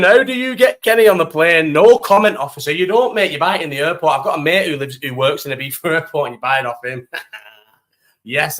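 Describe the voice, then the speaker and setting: Bright animated young man. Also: fairly high pitch. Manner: animated storytelling, heavy swearing, slang. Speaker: live chat host. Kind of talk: casual live-stream chat.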